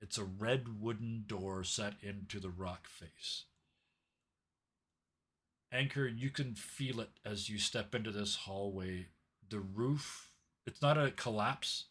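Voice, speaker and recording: A man's voice: on the low side, takes it slowly, fairly bright tone, breathy edge. A young adult man narrating a tabletop game as game master, storytelling with added sound effects.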